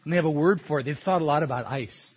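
A man's voice: a little high, quick pace, husky, highs cut off. A man preaching a sermon as a pastor, in a conversational, storytelling way that laughs at its own points.

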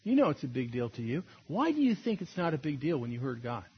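A man's voice: medium pitch, very animated, fast talker, breathy edge, muffled recording. A man preaching a sermon as a pastor, in a conversational, storytelling way that laughs at its own points.

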